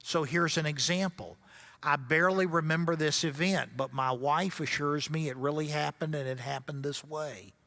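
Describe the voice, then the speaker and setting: Middle-aged male guest lecturer, bright voice, storytelling with dry humor. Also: fairly high pitch, moderate pace. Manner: storytelling with wry asides. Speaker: guest speaker at a grief seminar. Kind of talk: seminar lecture.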